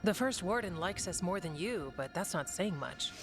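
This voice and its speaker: A calm, practical woman warden speaks matter-of-factly. Her voice sits a little low. Faint game music plays behind her. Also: normal speed. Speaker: warden ally character. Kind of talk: video game voice acting.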